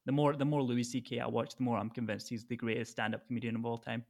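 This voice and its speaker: A man's voice: mid-range voice, little pitch movement, quick pace, gravelly, darkish tone. A Scottish man, a stand-up comedian, answering interview questions in casual chat, with many fillers and restarts. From Scotland. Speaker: stand-up comedian, podcast guest.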